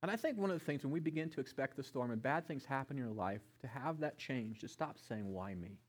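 A middle-aged man preaching a sermon, passionate, swinging between loud emphasis and hushed tones. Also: mid-range voice, lively intonation, brisk. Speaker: pastor.

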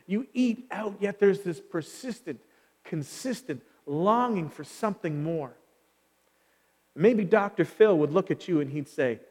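High-voiced preacher in a reverberant hall. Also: male voice, lively intonation, measured pace, a little mellow. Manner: conversational, asks the listeners many rhetorical questions. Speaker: pastor. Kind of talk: sermon. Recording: long reverb of a large hall.

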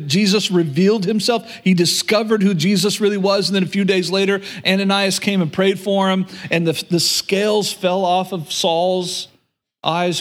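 Earnest high-voiced male preacher. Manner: earnest, repeats words, paraphrases God's voice. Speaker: pastor. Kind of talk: sermon. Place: church room with audience.

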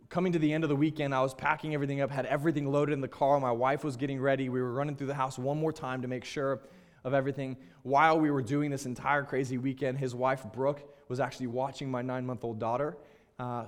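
A man's voice: mid-range voice, little pitch movement, fast talker. A young man, a pastor, telling a personal story in a sermon, earnest and openly emotional in a candid, conversational way.

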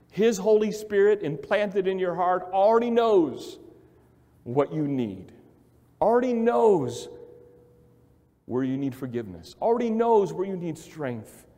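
A male pastor preaches in a church sanctuary with a high, very lively voice, building phrases through repetition. He swings from hushed passages to loud, ringing lines. His voice carries a long hall reverb. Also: a little slow. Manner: emphatic, repetitive, swells from quiet to loud. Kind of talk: sermon.

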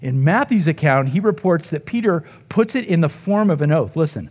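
Man, pastor, sermon, fairly high voice, dramatic storytelling, acts out quotes, hushed emotional moments. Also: sing-song, moderate pace.

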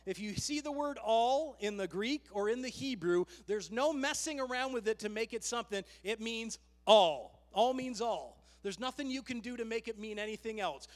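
A man preaching with a notably high voice, fervent and urgent, often calling out to urge his listeners on. His sermon rings through a large hall with a long, trailing reverb. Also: animated, moderate pace, few pauses. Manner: fervent, calls "come on" to the congregation. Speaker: pastor.

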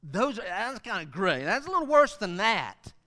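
A middle-aged man from Western North Carolina, preaching an animated sermon as pastor. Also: sits high, moderate pace, big-room sound. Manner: animated preaching, acts out kids' voices.

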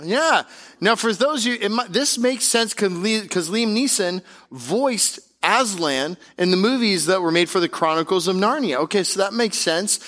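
A man preaching a sermon as pastor at a church service, in an energetic, joking, conversational way. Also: high-pitched, normal speed.

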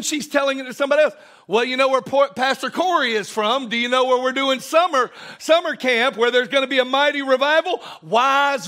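Middle-aged male preacher, bright ringing tone, lively storytelling sermon delivery. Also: very high voice. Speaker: pastor.

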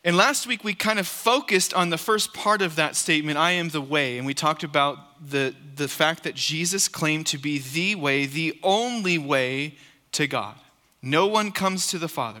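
Bright, forceful preacher in an echoing hall. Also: male voice, a little high, normal speed. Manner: earnest, emphatic, repeats key phrases. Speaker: pastor. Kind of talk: sermon. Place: church sanctuary.

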